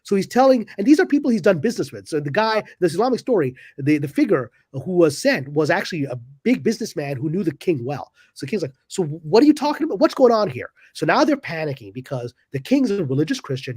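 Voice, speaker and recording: This man's voice sits on the high side, quick and slightly breathy, captured in studio quality with no echo. Appearing as a podcast guest in a panel discussion, he tells an animated, dramatic story and gives each quoted character a voice.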